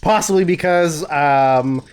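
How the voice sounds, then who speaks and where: Male co-host, dry teasing humor, slightly higher pitch, relaxed chat. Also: slow pace, smooth. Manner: deadpan teasing. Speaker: podcast co-host. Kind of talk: casual chat.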